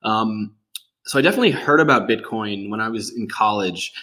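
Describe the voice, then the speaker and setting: Relaxed low-voiced male guest. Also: a little fast. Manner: relaxed, chatty storytelling. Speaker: podcast guest. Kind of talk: casual interview conversation.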